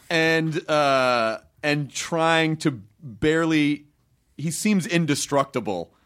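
A man's voice: a little high, fairly bright tone, smooth. A man interviewing a guest in a casual, enthusiastic way. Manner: enthusiastic, quick to laugh.

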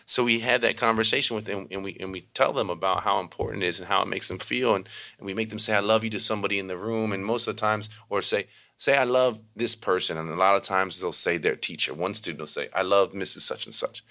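Man, meditation teacher, casual storytelling, bright voice, fast delivery. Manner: animated, acts out quoted voices in high pitch.

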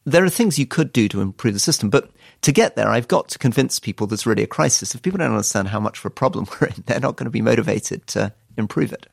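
A man's voice: mid-range voice, expressive, fast, vocal fry, slightly rough, dry recording. A British man, a former politician turned author, giving dry, wry interview answers. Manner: dry, wry storytelling with quoted asides.

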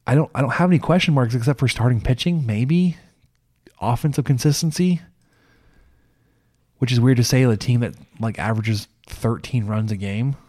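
A man's voice: mid-range voice, normal speed. A man hosting a podcast, chatting casually about sports with easy restarts. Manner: relaxed, repeats words. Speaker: podcast host.

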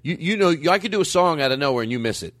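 A man's voice: on the high side, animated, racing, a crowd in the background. A man co-hosting a podcast in casual banter, joking and rambling, swearing often. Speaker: podcast co-host.

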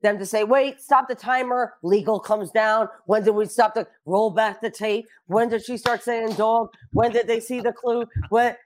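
A woman in her fifties chatting casually as a guest, telling lively, profane stories. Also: on the high side, moderate pace, hardly any pauses. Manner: animated storytelling, profane. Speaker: celebrity guest. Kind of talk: casual chat.

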